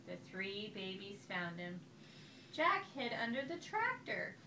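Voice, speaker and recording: A woman reading a picture book aloud to a child at home, with slow, expressive storytelling. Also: mid-range voice. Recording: echoey room, far from the mic, faint hiss.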